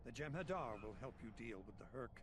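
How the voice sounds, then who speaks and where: An actor playing a male mission officer who gives brisk, commanding orders in a video game. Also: mid-range voice, animated, over a noisy crowd, close to an everyday voice. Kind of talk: game voice acting. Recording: game audio with background noise.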